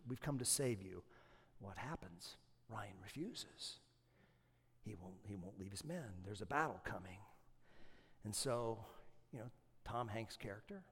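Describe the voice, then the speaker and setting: A man preaching a sermon to his church, dropping to a hushed storyteller's voice and then rising to loud, urgent preaching. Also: medium pitch, big-room sound. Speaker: pastor.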